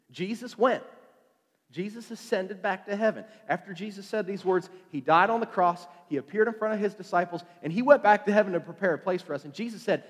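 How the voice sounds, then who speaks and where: A man's voice: sits high, fairly quick. A man preaching a casual evening sermon, chatty and joking, with lots of fillers and restarts. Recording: long hall reverb.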